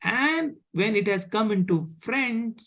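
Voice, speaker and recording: A man teaching a live online French class, halting with many fillers and often asking "okay?". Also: high-pitched, animated, fairly bright tone.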